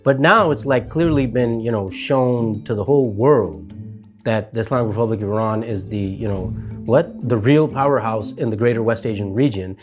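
A man's voice: lowish voice, moderate pace, soft background music. A man giving a rambling, casual monologue commentary, full of fillers and mocking asides. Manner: rambling, heavy with fillers, mocking put-on voices. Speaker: political commentator.

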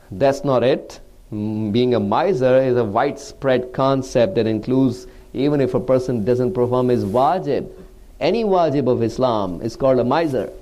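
Mellow-voiced man preaching a religious lecture. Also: mid-range voice. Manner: repeats rhetorical questions, quotes Arabic sayings. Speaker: Islamic preacher.

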